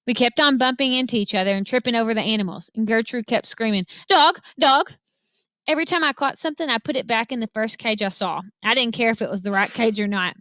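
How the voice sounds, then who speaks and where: A woman reading a children's novel aloud with lively, expressive storytelling. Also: fairly high pitch, clear, resonant tone, dry recording. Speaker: reader.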